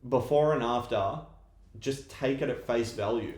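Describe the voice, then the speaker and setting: Male podcast co-host, measured explainer, mid-pitched voice, roomy echo. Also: darkish tone. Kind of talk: casual chat.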